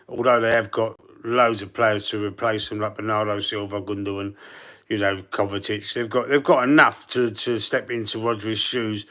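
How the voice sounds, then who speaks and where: A man's voice: fairly low pitch, a bit bright. A man with a Cockney London accent, chatting casually and rambling on a live football fan stream, reading out the chat.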